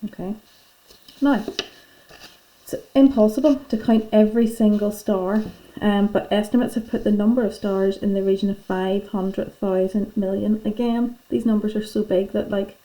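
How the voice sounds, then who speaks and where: A woman's voice: mid-range voice, steady tone, moderate pace, mellow, poor audio. A woman teacher, patiently and chattily talking pupils through filling in their lesson notes. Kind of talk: classroom lesson going through worksheet notes.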